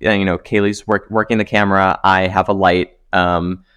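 A man's voice: low voice, little pitch movement, normal speed, fairly bright tone, clean tone, no echo. A man co-hosting a podcast, chatting in a loose, easygoing, rambling way. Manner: easygoing, loose and rambling, many fillers and laughs. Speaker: podcast co-host. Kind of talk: casual chat.

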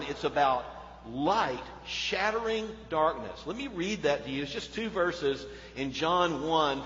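A male pastor preaching a sermon, swinging between loud emphatic peaks and hushed low passages. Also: slight background noise. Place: church sanctuary. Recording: echoey hall, dull sound.

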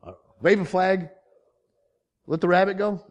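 High voiced guy preaching, storytelling, goes quiet then loud, lots of little chuckles. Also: fairly even intonation, a little slow, muffled recording. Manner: storytelling with dramatic swings in loudness, from quiet asides to shouted punchlines; chuckles often. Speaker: pastor. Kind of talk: sermon.

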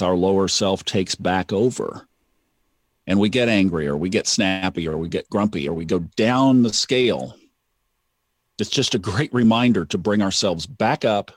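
A man's voice: fairly low pitch, unhurried, no room sound, studio quality. A man talking casually in a podcast conversation, reflective and repeating phrases for emphasis. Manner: reflective, sermon-like repetition.

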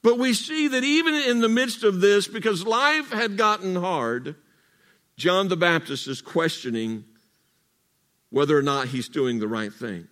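A high-pitched man preaching in a church sanctuary. He leads his congregation in call-and-response, slowing down and stretching out the words he wants to land. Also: lively intonation, fairly bright tone. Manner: call-and-response preaching, drawn-out emphatic phrases. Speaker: pastor. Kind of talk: sermon.

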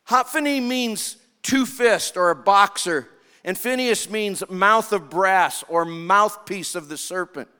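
A man preaching a sermon as a pastor, telling a Bible story with lively acted-out quotes. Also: sits high, slow pace, clean tone, in a large hall. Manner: expressive preaching, acts out quoted lines.

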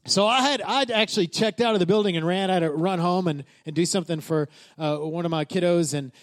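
A man preaching in a church, telling a story in a chatty, animated way, with many filler words. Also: high voice, quick pace. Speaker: pastor. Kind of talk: sermon told as a casual story.

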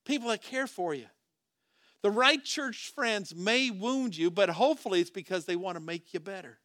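A man's voice: high-pitched, expressive, normal speed, fairly bright tone, no echo, studio quality. A man preaching a sermon as pastor, talking to the congregation in a conversational way, with rhetorical questions and frequent restarts.

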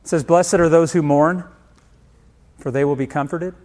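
A man's voice: a little high, fairly even intonation, normal speed, darkish tone. A middle-aged male pastor preaching a sermon in a conversational way, asking the congregation questions and acting out family stories. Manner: conversational preaching, asks the room questions and acts out family quotes.

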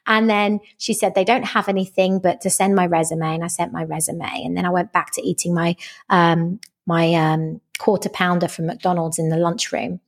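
A woman's voice: fairly low pitch, moderate pace. A woman coaching on dating and relationships, chatting as a podcast guest and acting out the voices in her stories. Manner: animated storyteller who acts out quoted dialogue. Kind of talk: casual podcast interview.

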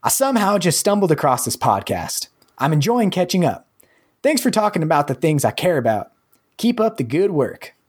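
A man putting on a Texan drawl, high and sing-song. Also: big pitch swings, normal speed, husky. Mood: cheerful. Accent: attempted Texan. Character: adult male listener from Texas reading a review.

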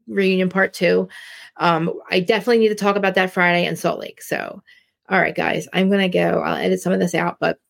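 A woman's voice: medium pitch, creaky. A woman from New Jersey with a Jersey accent, hosting a casual live-stream chat in a blunt, rambling way with many restarts. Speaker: live-stream podcast host.

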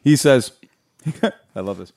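A man hosting a casual podcast spins a rowdy story with plenty of swearing. His pitch swings widely as he acts out the people he met along the way. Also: slow pace, gravelly. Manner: animated storyteller, swears freely, acts out voices in anecdotes. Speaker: podcast host. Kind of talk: casual chat.

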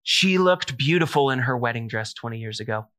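A man voicing a middle-aged husband who talks about his marriage in a flat, matter-of-fact way. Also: mid-range voice, brisk, voice pushed down, lightly acted. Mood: deadpan.

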